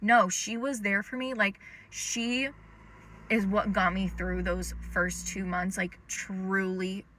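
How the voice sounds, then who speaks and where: A woman's voice: medium pitch, level tone, slow, a bit bright, slight background noise. A young adult woman telling a personal story in a casual storytime monologue, chatty and full of "um" and "like". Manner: chatty, lots of "um" and "like". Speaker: storytime creator.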